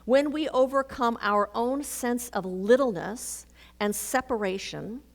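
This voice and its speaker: A woman's voice: fairly high pitch, measured pace. A woman minister giving a sermon, telling a personal story and acting out the dialogue in it. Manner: storytelling, animated, acts out dialogue. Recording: reverberant hall.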